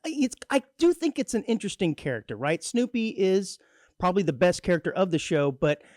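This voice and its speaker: A man's voice: sits high, big pitch swings, fairly quick, darkish tone, dry recording, clean studio sound. A man co-hosting a community radio show in casual comedic chat, joking and laughing often. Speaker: radio co-host. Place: radio studio.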